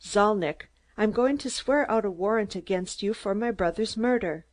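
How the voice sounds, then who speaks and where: A woman's voice: medium pitch, moderate pace, a little mellow, close to an everyday voice. Firm, cold-voiced man playing detective, read by a female narrator. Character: determined male lawyer turned detective.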